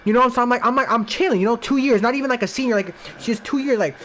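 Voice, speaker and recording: A young man from the Los Angeles area, guesting on a podcast, tells a rambling, profane personal story in casual chat, full of "like" and restarts. His voice is extremely high and fairly bright, racing along, with a little hiss or hum in the audio.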